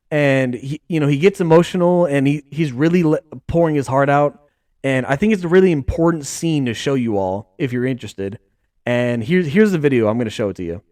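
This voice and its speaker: A man hosting a sports podcast, talking in a casual, excitable, rambling way full of slang. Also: mid-range voice, no echo, clean studio sound. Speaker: podcast host.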